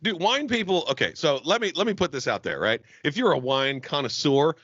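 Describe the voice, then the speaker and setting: A man's voice: on the high side, lively intonation, brisk, a bit bright, dry recording, muffled recording. A man from Jacksonville co-hosting a casual podcast, ranting emphatically and swearing a lot. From Jacksonville, Florida. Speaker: podcast co-host. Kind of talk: casual profane podcast banter.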